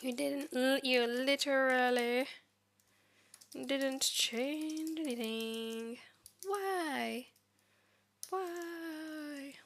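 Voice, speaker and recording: A woman vlogger narrating her coding session, talking back at the software in exasperation. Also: high voice, drawn-out words, slight background noise. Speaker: tech vlogger. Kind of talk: screen-recorded coding commentary.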